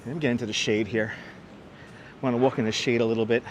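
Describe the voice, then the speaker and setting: A man's voice: medium pitch, steady tone, fast. A man hosting a live stream as he walks through city streets, chatting and greeting viewers by name while reading the chat aloud. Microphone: wireless clip-on mic. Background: faint street and traffic noise.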